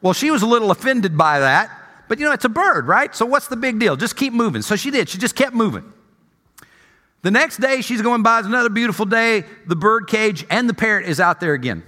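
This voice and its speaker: A man preaching a sermon as senior pastor, telling a story in an animated, conversational way, with a long church reverb. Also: sits high, a little fast.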